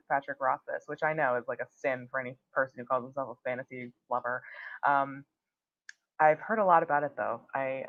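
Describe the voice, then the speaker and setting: Young woman livestream host, low voice, casual and rambling, somewhat muffled sound. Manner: chatty, many fillers, reads out comments. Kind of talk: casual chat reading viewer comments.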